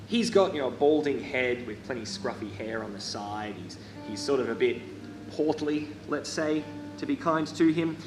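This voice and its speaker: A man narrating as game master of a live tabletop game, rambling and correcting himself with many fillers. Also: mid-range voice. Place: hall. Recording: echoey hall with background noise.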